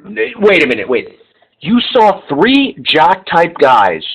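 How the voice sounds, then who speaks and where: A man's voice: a little high, wildly swooping pitch, takes it slowly, a bit bright, breathy edge, rough recording. Teasing, incredulous man. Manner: playfully incredulous, teasing interruptions. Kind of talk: casual chat.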